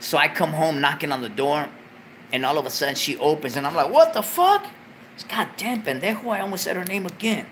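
A man hosting a talk show, telling a story in a profane, animated way, loudly acting out what was said. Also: on the high side, fast talker, slight background noise. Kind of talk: casual storytelling.

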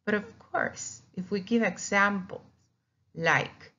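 A woman's voice: medium pitch, lively intonation, takes it slowly, a bit bright. A woman teaching a lesson on Spanish vowels, explaining patiently and sounding out each vowel, with Spanish as her first language. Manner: explanatory, repeats words, demonstrates vowel sounds. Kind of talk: recorded classroom lesson. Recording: dull lo-fi recording.

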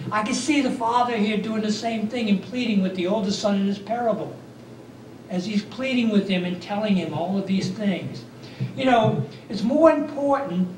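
A man's voice: sits high, darkish tone, a little hiss or hum. A man preaching a sermon in a church sanctuary, telling the story with fervent, repeated phrases. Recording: echoey church hall from far off.

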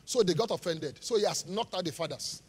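A man preaching a live sermon as pastor, animated, asking the congregation rhetorical questions and laughing between points. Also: high-pitched, a little fast, husky. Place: large church hall. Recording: live church sermon with long hall reverb.

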